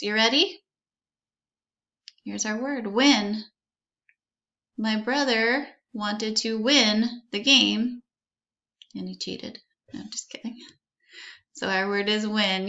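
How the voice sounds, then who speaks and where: A woman teaching a phonics lesson to young children, slowly sounding out words letter by letter and encouraging them to repeat. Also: on the high side, pushed and bright, highs cut off.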